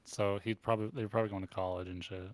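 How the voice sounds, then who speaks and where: A man's voice: lowish voice, level tone, very fast. A young man co-hosting a podcast, talking casually and swearing, often saying "dude". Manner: laid-back, swears, says "dude" a lot. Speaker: podcast co-host. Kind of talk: casual movie chat.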